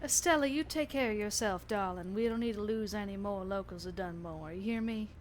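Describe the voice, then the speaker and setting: A woman's voice: mid-range voice, fairly quick, slight background noise, lightly acted. A woman voicing a brash, foul-mouthed woman doctor who is short on patience. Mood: tender. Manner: sharp, cursing, raised.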